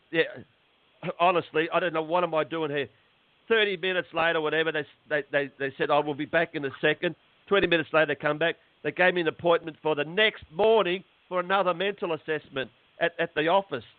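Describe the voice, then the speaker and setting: Middle-aged man, phone-in guest, fairly high voice, halting and agitated, dry tinny line. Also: no room sound. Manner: agitated, halting, repeats words. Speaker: interview guest. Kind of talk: phone interview.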